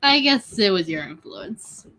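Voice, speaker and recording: Bright young woman, matter-of-fact. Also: medium pitch, sing-song, unhurried, poor audio. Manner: short, matter-of-fact replies. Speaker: host's daughter, co-host.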